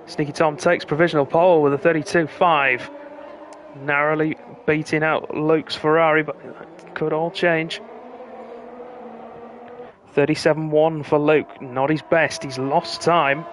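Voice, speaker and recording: A man commentating live on an online racing stream, calling the action in a brisk play-by-play manner. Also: a little high, a little hiss or hum. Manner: brisk play-by-play, rising excitement at close finishes. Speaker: lead commentator.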